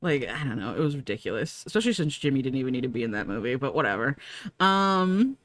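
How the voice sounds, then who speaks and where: A woman's voice: very deep voice, expressive, quick pace, dry recording. Rambling, swearing woman streamer, dry sound. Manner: rambling, profane, laughing often. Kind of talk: casual chat.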